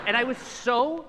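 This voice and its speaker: On a conference panel in a large hall, a male comedian tells stories in a casual onstage chat, animated and laughing as he goes. His voice is very high-pitched, carrying a big-room sound with background noise.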